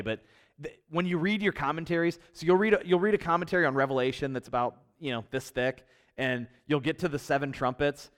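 A middle-aged man teaching a Bible study in a conversational way, stumbling over and repeating words, swinging between emphatic highs and quiet low passages.

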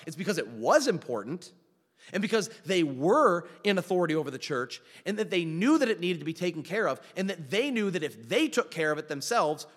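A man preaching from the pulpit, his high voice swooping up and down through wide, lively swings of pitch. He keeps pressing the congregation with rhetorical questions and tosses in wry, self-deprecating asides. The sound rings with the long reverb of a large hall. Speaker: pastor. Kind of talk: sermon.

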